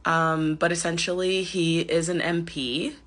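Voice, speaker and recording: A bright, clear-toned woman from Canada talks casually into her phone camera, laughing often and hedging with ums as she comments. Her voice sits a little low for a woman. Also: level tone, unhurried. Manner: chatty, giggly, hedging with many ums. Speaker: vlogger reacting to a clip.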